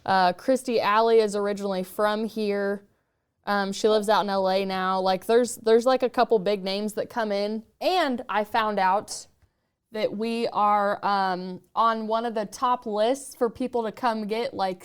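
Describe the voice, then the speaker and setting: A woman from Kansas hosts a podcast in a relaxed, chatty way. Her voice is smooth and clear at a middle pitch, and she sprinkles "like" through her sentences. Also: unhurried. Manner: chatty, peppers speech with 'like'. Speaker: podcast host. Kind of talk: casual chat. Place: podcast studio.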